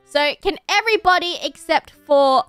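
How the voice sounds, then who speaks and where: A young woman hosting a party game, explaining the rules quickly and loosely with laughs. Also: sits high, animated, fairly bright tone, dry recording, faint music behind. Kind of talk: casual stream chat.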